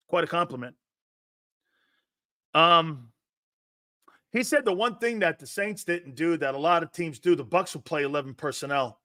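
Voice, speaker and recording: A man hosting a football talk show in a brash, loud, profane and mocking monologue. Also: fairly high pitch, normal speed, pauses often, no room sound, clean studio sound. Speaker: sports talk show host.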